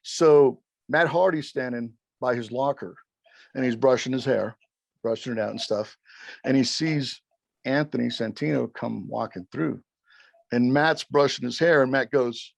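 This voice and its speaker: A middle-aged man, a former wrestling referee, telling stories as an interview guest in an animated, rambling way, swearing constantly and acting out quotes. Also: mid-range voice, unhurried, vocal fry, dry recording. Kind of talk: profane, rambling storytelling.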